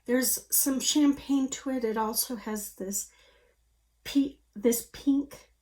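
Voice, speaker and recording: Slow, gushing higher-voiced woman. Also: dark tone. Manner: gushing, slow and chatty, lingering on words. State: slightly out of breath. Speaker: beauty vlogger. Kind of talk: casual product review.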